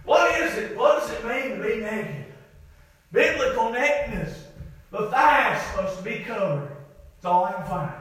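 A man preaching a sermon, shouting with fervor and then dropping to a low, soft voice. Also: animated, moderate pace, very echoey. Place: church sanctuary.

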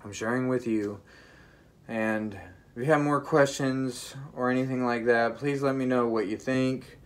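A man earnestly telling a personal spiritual testimony straight to his viewers, emphatic and halting with frequent restarts. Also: mid-range voice, steady tone. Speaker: vlogger sharing a vision.

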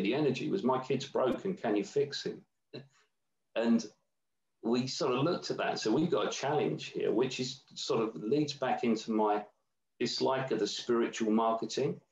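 A man's voice: mid-range voice, moderate pace, vocal fry, a little mellow, echoey room, highs cut off. A man in a casual conversation, telling a long meandering story with many restarts. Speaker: guest.

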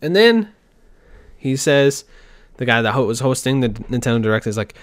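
A gaming podcast host with a mid-range, very animated voice casually recaps a game showcase alone at his home desk, speaking at a moderate pace with frequent pauses. He rambles, interrupts and corrects himself, and mock-acts fan reactions, with no echo on the recording.

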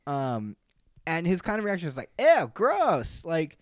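A man's voice: a little high, big pitch swings, normal speed, smooth, no echo, studio quality. A young man co-hosting a podcast, chatting casually and animatedly with lots of fillers and laughs. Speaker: podcast co-host. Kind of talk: casual chat.

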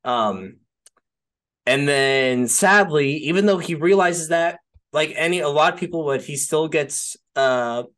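A man's voice: fairly high pitch, measured pace, a bit bright. Rambling man in casual podcast chat. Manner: rambling, peppers speech with "like" and "right?"; swears casually. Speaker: podcast co-host. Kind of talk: casual film discussion.

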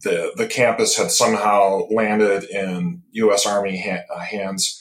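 A low-pitched man in his fifties from Michigan chats as a podcast guest. He tells his stories in a relaxed, rambling way, pausing often with fillers and restarts. The recording is roomy, with a noticeable echo. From Michigan, USA. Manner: relaxed, rambling storytelling with many pauses and restarts. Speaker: guest, tropical medicine specialist. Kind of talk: casual interview chat.

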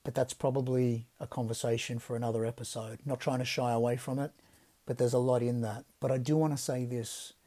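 A man gives a devotional podcast reflection in a mellow, warm-toned voice at an ordinary middle pitch. His delivery is gentle and reflective, and his phrases often sink into soft, quiet endings. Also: level tone, fairly quick. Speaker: podcast host.

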